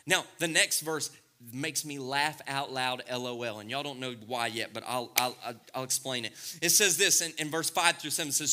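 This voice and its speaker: A middle-aged pastor delivers a sermon at a brisk clip, his mid-range voice swinging between loud, excited stretches and hushed, intimate moments.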